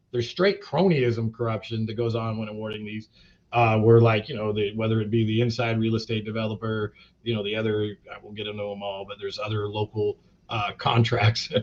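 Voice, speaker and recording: A man being interviewed as a company chief, talking in a blunt, profane, rambling way full of fillers. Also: medium pitch. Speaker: cannabis company CEO, interview guest. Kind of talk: casual interview talk. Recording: dull lo-fi podcast audio.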